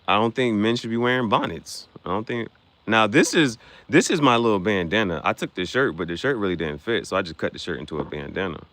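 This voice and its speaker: A man's voice: fairly low pitch, lively intonation, fairly quick, a bit bright, no echo. A young man hosting a casual livestream, joking and reacting to viewers' comments with frequent laughter. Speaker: livestream host.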